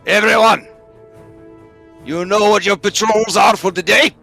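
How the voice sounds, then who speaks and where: A man voicing a gruff goblin-tongued patrol leader shouting orders to his troops. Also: high-pitched, fairly even intonation, measured pace, faint music behind, pitched above the performer's own voice, full character voice. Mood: commanding. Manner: loud shouted commands.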